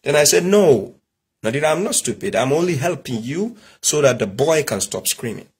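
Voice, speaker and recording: Speaking at a moderate pace, a middle-aged Nigerian man with a mid-range, slightly rough voice and big pitch swings lectures emphatically. He is a religious commentator, and his preachy monologue mixes rhetorical questions with family stories.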